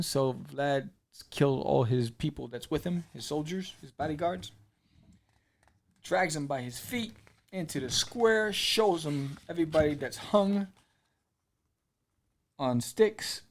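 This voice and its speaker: A man's voice: fairly high pitch, a little slow. A man hosting a podcast, casually retelling and reviewing a comic with lots of fillers and acted-out lines. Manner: animated storyteller, acts out character lines, many fillers.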